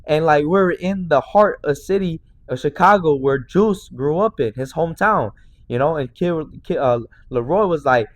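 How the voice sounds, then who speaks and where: A man in his twenties, a podcast host, telling a story in excited, slangy casual chat full of fillers. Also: a little high, normal speed. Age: 20s.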